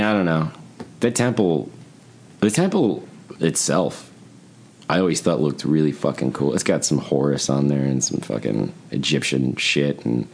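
Very deep-voiced man in profane rambling chat. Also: creaky. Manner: profane, rambling, animated storytelling. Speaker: podcast co-host. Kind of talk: casual conversation.

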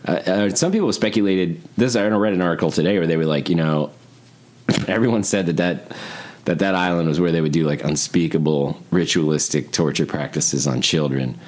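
A man's voice: low voice, brisk. A man co-hosting a casual podcast conversation, rambling, swearing often and acting out other people's lines as he tells stories. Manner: profane, rambling, animated storytelling. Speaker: podcast co-host.

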